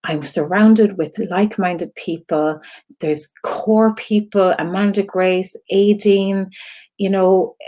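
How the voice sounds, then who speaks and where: A woman's voice: medium pitch, a little mellow. An Irish woman hosting a live stream for her creative community, talking in an earnest, rambling way with fillers and laughs, close to tears. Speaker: host of an online creative community. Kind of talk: casual live-stream talk to viewers.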